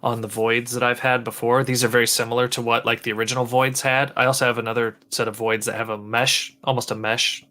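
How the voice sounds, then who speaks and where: Podcast cohost guy, bright sharp voice, chill and chatty. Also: mid-range voice, level tone, fast, few pauses. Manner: easygoing, loose and conversational. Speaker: podcast co-host. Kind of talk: casual tech podcast chat.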